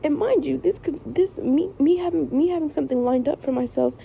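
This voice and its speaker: A woman's voice: high-pitched, brisk, vocal fry, mellow, slight background noise, low-quality recording. A young woman vlogging in a frustrated, emotional way, swearing often as she vents. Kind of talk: casual venting vlog.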